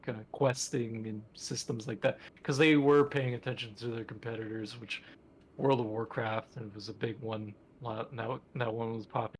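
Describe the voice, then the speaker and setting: A man's voice: mid-range voice, slightly rough. A man co-hosting a podcast in casual chat, rambling with enthusiasm and lots of fillers. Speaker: podcast co-host.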